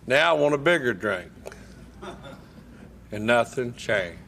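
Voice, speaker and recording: A man telling a wry, deadpan story from his own life at a recovery meeting. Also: mid-range voice, slow, vocal fry, slight background noise. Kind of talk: humorous personal storytelling.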